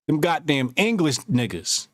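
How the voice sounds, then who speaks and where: A man riffing on a casual podcast, his voice sitting high and swinging widely as he tells profane, animated stories. The sound is close and dry, with no room around it. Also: a little slow, no echo. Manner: profane, animated storytelling with bursts of laughter. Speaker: podcast co-host.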